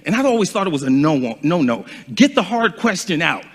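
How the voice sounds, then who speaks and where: A man giving a seminar talk as a speaker and trainer, animated and acting out dialogues. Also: a little high, fairly quick, breathy edge, big-room sound.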